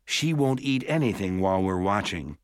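A man voicing a brisk hospital nurse who talks bluntly. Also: low-pitched, animated, smooth, dry recording, studio quality.

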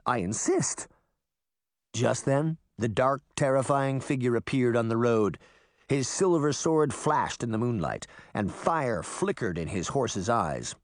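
A man narrating a children's storybook in an expressive reading voice. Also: mid-range voice, a little slow, no echo, clean studio sound. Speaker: audiobook narrator.

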